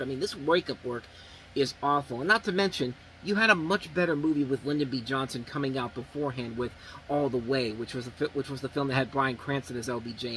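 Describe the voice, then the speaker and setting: A man's voice: a little high, a bit bright, slight background noise, low-quality recording. Blunt rambling man reviewing movies. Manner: blunt, rambling, frequent restarts. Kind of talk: casual review talk.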